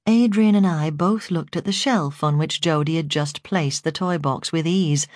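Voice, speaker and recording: Lady reading a memoir, low voice, dry close sound, calm and measured. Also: no room sound. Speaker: audiobook narrator. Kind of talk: scripted memoir narration.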